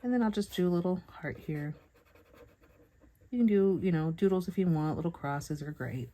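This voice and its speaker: A woman teaching Bible journaling, chatting softly and thinking aloud with hums and pauses as she works at a craft table. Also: on the low side. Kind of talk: relaxed craft tutorial narration.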